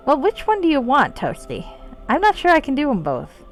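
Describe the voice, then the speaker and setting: A woman's voice: high-pitched, wildly swooping pitch, a little fast, soft background music, rough recording. A woman giving casual gameplay commentary on her stream, wry and self-deprecating, swearing freely.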